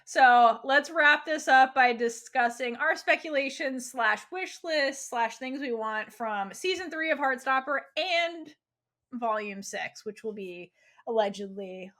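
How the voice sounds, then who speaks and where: Eager, rambling woman co-host, slightly high. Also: expressive, measured pace, sharp tone. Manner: enthusiastic, rambling with many "like"s. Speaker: podcast co-host. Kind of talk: casual book club chat.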